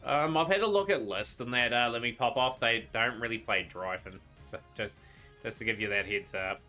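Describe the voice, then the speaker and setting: A man casually commenting while he streams a card game, rambling and trailing off into quiet asides. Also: medium pitch, moderate pace. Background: game music.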